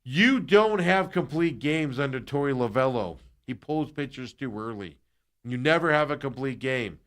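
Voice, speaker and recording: A man's voice: mid-range voice, animated, a little fast, fairly bright tone. A man hosting sports talk radio, ranting heatedly and with exasperation, his voice jumping up when he gets angry.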